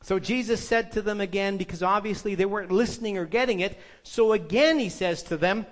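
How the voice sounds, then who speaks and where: Very high-voiced emphatic male preacher. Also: brisk. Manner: emphatic, rhetorical questions to the congregation. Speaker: pastor. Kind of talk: sermon.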